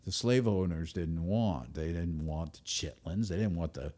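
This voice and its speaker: A man giving a speech to an audience, emphatic, with sudden loud stresses and drops to a near-whisper. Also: deep voice, measured pace. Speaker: speaker.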